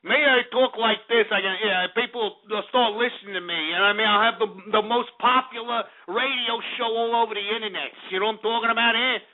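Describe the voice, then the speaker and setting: Guy doing a cocky jersey party dude, thick drawl, "eh?" every line, high-ish voice on a tinny phone line. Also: fairly even intonation, a little fast, hardly any pauses, natural voice. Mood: mocking swagger. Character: brash swaggering young Jersey Shore party guy.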